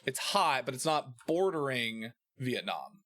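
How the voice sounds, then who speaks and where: Animated young man, lively streamer. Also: medium pitch, unhurried. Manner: animated, laughs often, playful. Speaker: streamer host. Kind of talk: casual stream chat.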